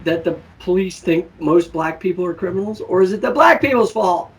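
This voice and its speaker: Guy hosting a talk show, tells stories with lots of voices, kinda high pitched, sounds a bit away from the mic. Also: fairly quick, recorded from a distance, slight background noise, poor audio. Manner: animated storytelling, acts out quoted people. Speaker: show host. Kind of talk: casual political chat.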